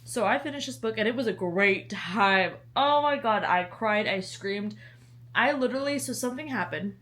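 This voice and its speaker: A woman's voice: medium pitch, lively intonation, normal speed, a bit bright. A young woman from the American South with a Southern accent, chatting casually in a book vlog, bubbly and dramatic, swinging into laughter. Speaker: book vlogger.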